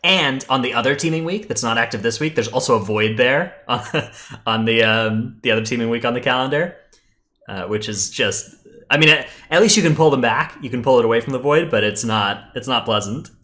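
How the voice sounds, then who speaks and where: A man's voice: medium pitch, a little fast, sharp tone. A man co-hosting a live-streamed gaming podcast in casual chat, talking easily with many fillers and restarts. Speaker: podcast co-host.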